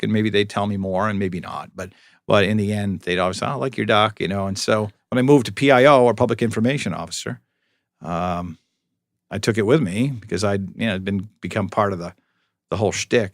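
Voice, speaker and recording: Low-voiced man telling a rambling story. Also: no room sound. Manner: rambling, self-interrupting anecdotes with dry humor. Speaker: police public information officer, guest. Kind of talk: storytelling interview.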